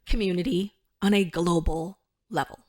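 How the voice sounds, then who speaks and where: A woman in her fifties from the United States, a guest in a casual interview. She tells stories in an animated way, laughs often and throws in exclamations. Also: on the low side, normal speed. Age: 50s.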